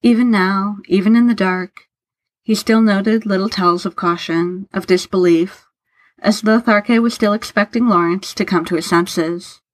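A woman narrating fiction aloud in an unhurried, even storytelling manner. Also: mid-range voice.

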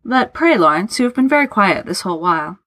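A woman voicing a doting, gentle male dragon who frets and speaks in a formal, old-fashioned way. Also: medium pitch, big pitch swings, fast, no room sound.

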